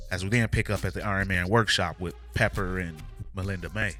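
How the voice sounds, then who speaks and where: A man's voice: low voice, steady tone, a little fast, few pauses, sharp tone, faint music behind. A man hosting a comic book channel, recapping issues in a casual, slangy storytelling way. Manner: slangy, laid-back storyteller.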